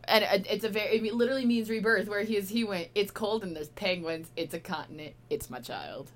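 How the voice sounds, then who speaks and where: A woman's voice: mid-range voice, a little fast. A woman co-hosting a podcast, joking and swearing freely in casual chat. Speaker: podcast co-host.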